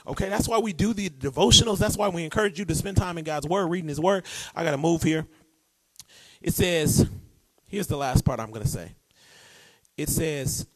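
A man preaching a sermon, animated and conversational, drawing responses from the congregation. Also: high voice, brisk, breathy edge, dry recording. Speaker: pastor.

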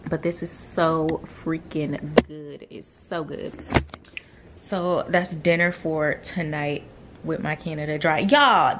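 A woman's voice: fairly low pitch, noisy background. A woman in her thirties chatting casually to her viewers in a vlog from her couch at home. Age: 30s. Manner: chatty and animated, addressing viewers directly. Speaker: vlogger.

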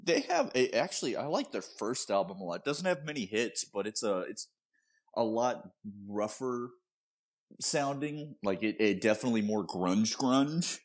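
A man's voice: medium pitch, big pitch swings, normal speed. A young man co-hosting a casual podcast chat with dry, wisecracking humor. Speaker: podcast co-host.

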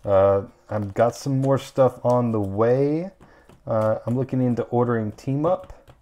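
A man's voice: mid-range voice, a little slow, dark tone. A young man hosting a casual card-opening video, chatting and rambling with lots of ums and uhs. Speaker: channel host opening trading card packs.

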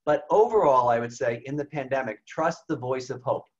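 Conversational priest on a video call. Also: male voice, medium pitch, lively intonation, brisk. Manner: conversational, frequent "okay?" and "right?" check-ins. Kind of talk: informal spiritual talk. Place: home over video call. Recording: slightly dull video call audio.

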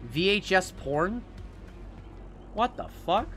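A young man streaming a game live, reacting excitably with jokes and frequent swearing. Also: high voice, slow, faint music behind. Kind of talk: live gameplay commentary.

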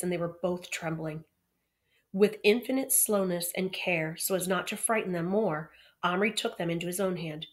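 A woman's voice: fairly low pitch, steady tone, moderate pace. A woman reading a children's novel aloud, with chatty asides between passages. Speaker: reader.

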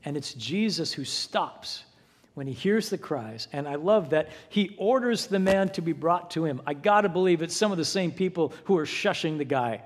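A man with a fairly high voice preaches to his church, acting out the lines of the people in his story. His voice rings out in a long reverb from a large sanctuary. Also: expressive, normal speed. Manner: dramatic retelling with voiced quotes. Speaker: pastor. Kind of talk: sermon.

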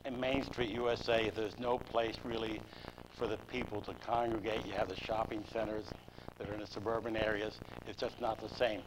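An older man answering interview questions in a plain, steady storytelling manner. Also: fairly low pitch. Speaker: guest. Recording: noisy 2002 local cable recording.

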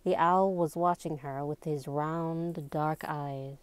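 A woman reading a novel aloud in a slow, even and deliberate storybook narration. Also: deep voice, clear, resonant tone, dry recording. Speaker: amateur reader.

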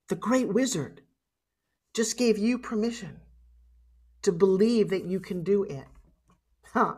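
A woman's voice: mid-range voice, brisk. A middle-aged woman giving a heartfelt motivational keynote speech, urging her audience and tearful at times. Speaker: motivational speaker. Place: conference stage.

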